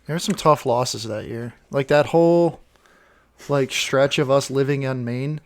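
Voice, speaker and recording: A man's voice: mid-range voice, unhurried, dry recording. A young man co-hosting a podcast in an easygoing, joking manner. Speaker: podcast co-host. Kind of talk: casual chat.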